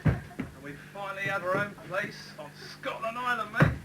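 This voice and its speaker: A man's voice: high-pitched, moderate pace, natural voice. A man playing a contented new islander husband. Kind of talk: amateur stage sketch. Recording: noisy live recording from far off.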